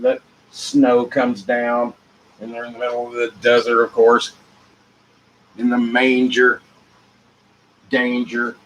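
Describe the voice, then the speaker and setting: Hosting his own show solo, a man rambles through a free-associating monologue full of rhyming wordplay, sinking to mutters and then bursting out loudly. His voice is medium-pitched, and the rough recording carries a little hiss or hum.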